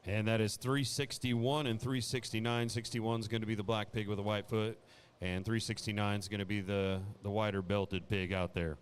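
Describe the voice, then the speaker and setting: Man, ring announcer, low voice, straightforward delivery. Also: little pitch movement, normal speed.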